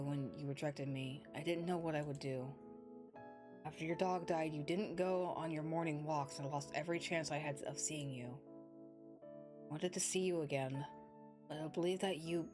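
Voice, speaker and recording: A woman reading game dialogue aloud as an earnest young man confessing his feelings, in a soft, subdued voice. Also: low-pitched, lightly acted.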